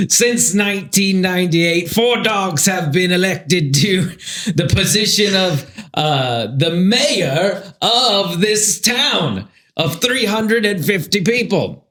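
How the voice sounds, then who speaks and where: Easygoing male co-host, slightly higher voice, chuckles as he reads. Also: animated, takes it slowly, fairly bright tone, echoey room. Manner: easygoing, chuckles between phrases. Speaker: podcast co-host. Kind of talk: casual chat, reading news stories.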